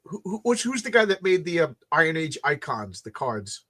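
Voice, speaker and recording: A man's voice: fairly high pitch, big pitch swings, normal speed, fairly bright tone. A tired man hosting a late-night chat, telling rambling stories with many restarts and repeated words. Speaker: comic book creator hosting a launch stream.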